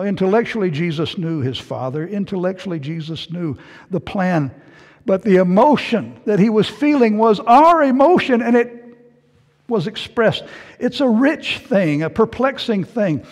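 A man preaching a sermon, moving between hushed, low passages and loud, raised passages. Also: lively intonation, normal speed. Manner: dramatic swings from hushed to loud. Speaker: pastor. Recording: hall reverb.

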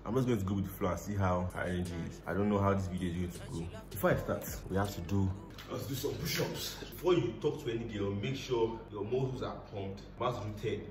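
A man's voice: on the low side, fast talker, hardly any pauses. A young man chatting playfully to his viewers in a casual vlog, talking straight to the camera. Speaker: vlogger. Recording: echoey room with music behind.

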